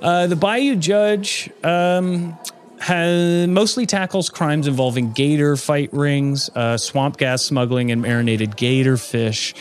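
A man's voice: a little high, fairly even intonation, takes it slowly, slight background noise. A man hosting an improvised comedy podcast, reading out a mock-serious countdown list.

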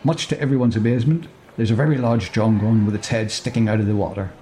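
A man's voice: on the low side, fairly even intonation, fast talker, mellow. A man narrating a comic story, chuckling, breaking off to joke and correct himself.

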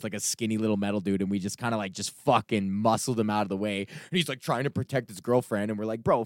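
A young man tells a long, profane story on his own podcast and slips into voices for the people in it. His pitch sits in an ordinary middle range. The sound is close and dry, with no room around it. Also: dry recording. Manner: profane, animated storytelling with acted-out quotes. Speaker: podcast host. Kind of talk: casual ranting monologue.

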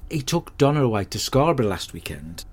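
An actor playing a hapless, crude bloke who rambles through a comic monologue in a deadpan, sweary way. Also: male voice, medium pitch, fairly quick, breathy edge. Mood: grumbling. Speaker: comedy podcast character host.

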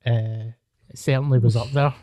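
A Scottish man recounting his own story on a podcast, blunt and sweary. The sound is dry and close, with no room around it, and his pitch sits in the middle. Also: fairly even intonation, normal speed, mellow, no room sound. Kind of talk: casual chat.

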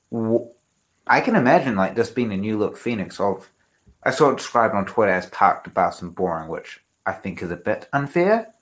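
A man co-hosting a casual football fan podcast, self-deprecating and quick to laugh. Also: on the low side, fairly bright tone. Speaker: podcast co-host.

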